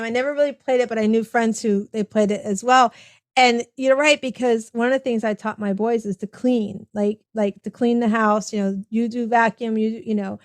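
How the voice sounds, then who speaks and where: A middle-aged woman hosts a relaxed podcast chat, agreeing warmly and wandering into asides. Her voice is fairly high and the recording is close and dry, with no room sound. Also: no room sound. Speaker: podcast host. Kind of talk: casual interview chat.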